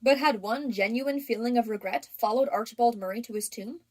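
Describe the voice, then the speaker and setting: A woman whose voice leans high reads from a classic novel in audiobook fashion. The delivery is calm, even and carefully measured.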